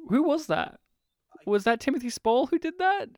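A man co-hosting a podcast in casual chat, animated and full of questions. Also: extremely high pitch, normal speed, no echo, clean studio sound. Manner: animated, asks lots of questions. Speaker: podcast co-host.

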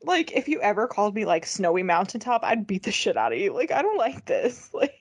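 Woman podcast co-host: casual, profane, laughs often, very animated delivery, dead-dry booth sound. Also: mid-range voice, brisk, husky, no room sound. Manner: profane, giggly, reads list items aloud with mock disgust. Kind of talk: casual comedic chat.

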